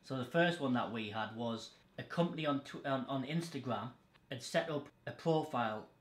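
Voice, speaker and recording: Male podcast host, blunt and sweary, mid-pitched, echoey room. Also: normal speed. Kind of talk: casual chat.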